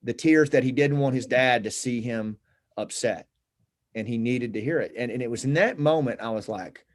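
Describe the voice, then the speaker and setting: A middle-aged man speaking at an ordinary pitch, in the earnest, unhurried tone of someone recounting something that mattered to him. He talks in a casual conversational style, pausing and restarting with small fillers as he gathers his thoughts. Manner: earnest, reflective, halting with fillers. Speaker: guest. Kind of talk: casual conversation, personal storytelling.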